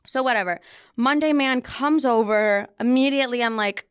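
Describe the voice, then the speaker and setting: In a recording studio, a young woman in her twenties hosts a podcast and tells a story candidly, cursing and poking fun at herself. Her voice is fairly high and clean, delivered at normal speed.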